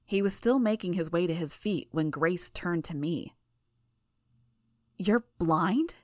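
A woman reading a first-person audiobook in a measured, even way. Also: lowish voice, no echo, studio quality. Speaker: audiobook narrator.

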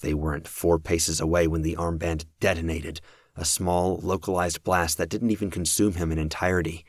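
Deep-voiced male audiobook narrator. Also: flat delivery, moderate pace, no echo, studio quality.

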